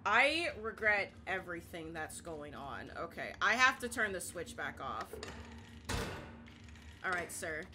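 A young woman playing a horror game and commentating, panicking, repeating herself and shouting at the game. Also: fairly low pitch, very animated, a little slow, noisy background. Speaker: gaming YouTuber.

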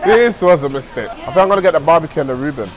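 A man's voice: on the high side, expressive, racing, crowd noise. A young man hosting a food vlog in a laid-back, jokey way, drawing out his words. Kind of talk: casual vlog chat.

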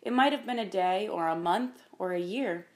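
A woman narrating a children's story in a calm, measured way. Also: medium pitch. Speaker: audiobook narrator.

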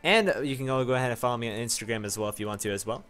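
A man's voice: mid-range voice, very fast, clean tone. A young man hosting a gaming livestream, chatting casually, laughing easily and filling his talk with "like" and "dude". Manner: animated, laughs easily, says "like" and "dude" a lot. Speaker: livestream host. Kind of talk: casual gaming stream chat.

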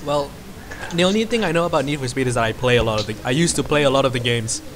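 A man's voice: medium pitch, rapid-fire, slight background noise. A young man chatting casually with a friend during a co-op game, laid-back and brief in his replies. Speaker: co-op gaming partner. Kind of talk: casual co-op gaming chat. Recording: game music playing under voice.

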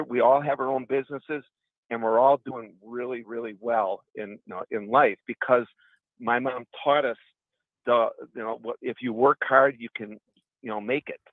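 A man's voice: mid-range voice, no room sound. A middle-aged man from Wisconsin, a radio caller telling long, earnest stories about his past. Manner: earnest, rambling anecdotes. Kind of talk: call-in radio storytelling. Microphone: phone. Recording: tinny phone line.

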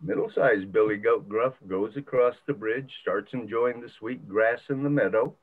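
A man's voice: lowish voice, moderate pace. An older man retelling a folk tale with a moral in a folksy, dramatic way, heard over a video call. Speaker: church member telling a story. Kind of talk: storytelling with a moral. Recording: tinny video call audio.

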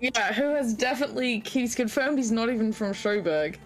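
A woman playing a tabletop game, excitable and quick to swear and laugh. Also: fairly high pitch, soft background music. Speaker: player. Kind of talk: casual tabletop play.

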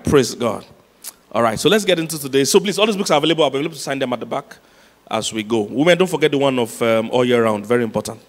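A man preaching a sermon as pastor, telling stories with laughs and repeating his key points for emphasis. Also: medium pitch. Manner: storytelling with laughs, emphatic repetition. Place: large church hall. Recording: long hall reverb.

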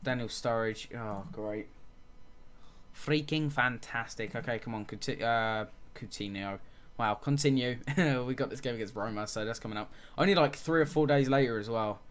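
A man's voice: medium pitch, normal speed, fairly bright tone. A man giving casual let's-play commentary on a football management game, calling the action play by play and muttering frustrated asides. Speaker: gaming channel host.

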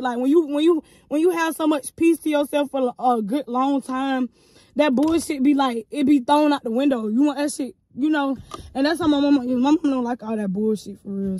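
A young woman in her twenties telling a story to her viewers in a casual, animated and profane vlog style, calling them y'all. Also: high-pitched, dry recording. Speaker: vlogger.

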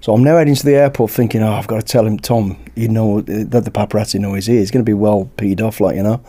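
British bloke spinning a yarn on a podcast, warm mellow voice, acts out all the lines. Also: male voice, on the low side, fast. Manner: lively anecdote-teller who acts out dialogue. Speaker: podcast guest, former bodyguard. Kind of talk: storytelling in casual chat.

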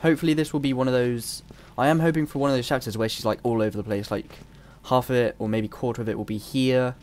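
A man's voice: mid-range voice, steady tone, quick pace, a little mellow. Rambling man playing a game. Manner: rambling, chatty, distracted. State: a bit ill, coughing. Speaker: gamer. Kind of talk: let's play commentary.

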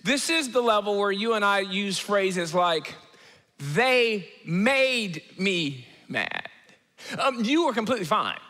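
A man preaching a comedic sermon as teaching pastor, animated storytelling that acts out quoted people with sudden jumps in pitch. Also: normal speed, few pauses. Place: church auditorium. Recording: long reverb of a large church hall.

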